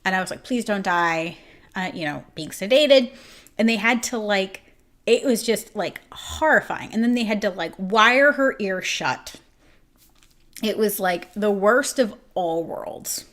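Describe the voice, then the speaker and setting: A woman's voice: mid-range voice, expressive, fairly bright tone. A woman who owns a grooming salon, telling a story in an emotional, casual way with many "like"s. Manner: emotional, fast-shifting retelling with many "like"s. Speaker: grooming salon owner and host.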